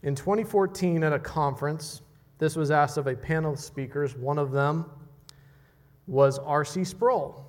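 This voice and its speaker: A man's voice: on the high side, measured pace. A man preaching a sermon in a conversational way, often repeating words as he restarts.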